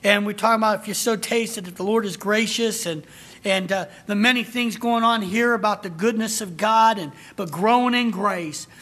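Folksy preacher in an echoey church. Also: male voice, high voice, normal speed, fairly bright tone, far from the mic. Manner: folksy storytelling with frequent asides. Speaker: pastor. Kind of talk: sermon. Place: church sanctuary.

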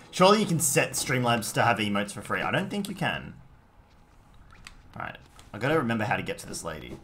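A man with an Australian accent streaming a game live, reading chat aloud and reacting in sudden high yelps. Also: wildly swooping pitch, normal speed, pauses often, fairly bright tone, faint music behind.

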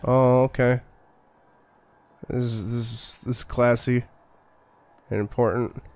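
A man's voice: mid-range voice, flat delivery, slow, a little mellow, clean tone. A man streaming a horror game, commenting in a profane, sarcastic and irritated way. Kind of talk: live gameplay commentary.

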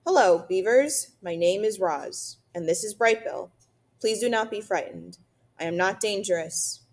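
A woman voicing a calm, polite female robot mother who speaks in formal, precise sentences in a storybook reading. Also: medium pitch, unhurried. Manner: formal, precise, even-toned.

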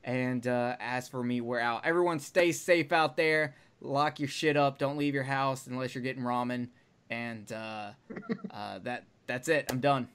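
A man hosting a podcast, chatting casually in a profane, animated way. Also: mid-range voice, measured pace, smooth. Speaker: podcast host.

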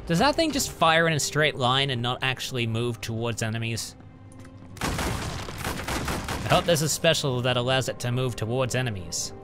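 A man's voice: medium pitch, sing-song, moderate pace, long pauses, over music. A man giving casual let's-play commentary at his home computer, chatting as he reads out item stats and mutters at enemies. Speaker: gaming channel host.

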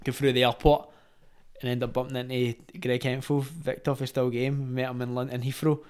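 A man's voice: medium pitch, flat delivery, a little fast, darkish tone, clear, resonant tone. A young Glaswegian man telling stories as a podcast guest in casual chat, full of fillers and restarts. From Scotland. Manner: storytelling, lots of fillers and restarts.

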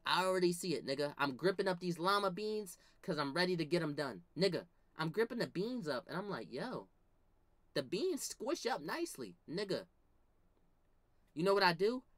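A young woman telling a comedic story, swinging from low mutters to shouted outbursts and acting out the lines she quotes. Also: dry recording.

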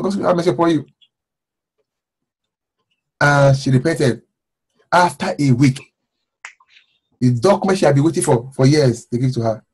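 A man, an apostle, leading fervent prayer and preaching a sermon, repeating phrases and rising to shouts. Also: a little high, slightly rough. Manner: fervent, repetitive, shouting at times.

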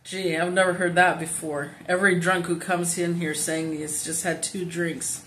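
A woman reading a story aloud and voicing a gruff, angry police sergeant who talks in curt, sarcastic orders. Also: lowish voice, flat delivery, moderate pace, a bit bright, a little hiss or hum, natural voice. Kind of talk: audiobook reading.

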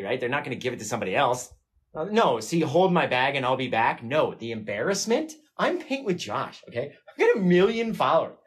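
A man hosting a live painting stream, chatting casually with viewers in a rambling, self-mocking way and laughing often. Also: on the high side. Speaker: livestream painting host.

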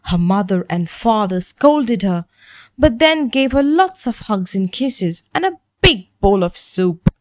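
A woman narrating a bedtime story for children in a gentle, expressive manner. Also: medium pitch, measured pace, no echo.

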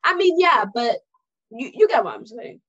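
A young woman co-hosts a podcast, pressing her points and restarting sentences. Her voice sits high. The audio is dull and lo-fi. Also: sing-song, normal speed, fairly bright tone. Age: young adult. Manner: emphatic, stumbling restarts. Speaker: podcast host. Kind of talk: casual podcast chat.

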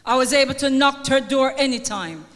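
A woman's voice: sits high, moderate pace, a bit bright. Older Jamaican woman, tearful, delivering an earnest eulogy with scripture in a lilting church cadence, long hall reverb. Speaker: funeral tribute speaker. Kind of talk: heartfelt eulogy with scripture reading. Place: church at a funeral service.

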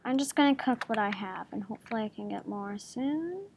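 A woman's voice: fairly high pitch, lively intonation, a little fast, vocal fry, background noise. A woman hosting a gaming channel, giving playful, giggly gameplay commentary at her home computer and chatting to the game's creatures.

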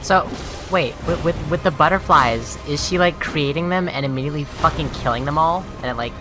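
A woman's voice: low-pitched, fairly quick. A woman streamer swearing and commenting on her own play, talking to viewers and shrieking when she dies. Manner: profane, exasperated, talks to viewers; shouts and shrieks when dying. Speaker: streamer playing a video game. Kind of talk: gaming commentary. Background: game music.

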